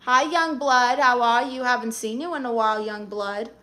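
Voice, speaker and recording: A woman's voice: on the high side, moderate pace, fairly bright tone. A woman hosting a live stream, reading viewers' comments aloud and answering them in a sassy, blunt, teasing way.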